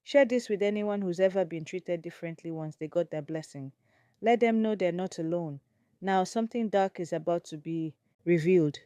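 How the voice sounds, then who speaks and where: A woman's voice: lowish voice, moderate pace, dark tone, smooth, no room sound, studio quality. A woman storyteller narrating a dramatic folktale with suspense.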